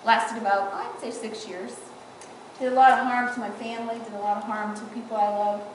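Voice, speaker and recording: A woman's voice: fairly high pitch, steady tone, a little fast, slight background noise. A woman giving a eulogy for her grandmother in a church, telling funny, fond stories and laughing often. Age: adult granddaughter. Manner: tearful-humorous storytelling, laughing often. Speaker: eulogy speaker. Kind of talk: personal eulogy at a funeral. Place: church, large room. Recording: echoey church from far off.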